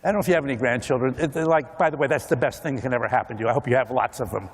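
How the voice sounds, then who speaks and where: A man's voice: medium pitch, racing, breathy edge, big-room sound. A man giving a conference keynote talk, acting out other people's voices as he goes. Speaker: keynote speaker. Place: large conference hall.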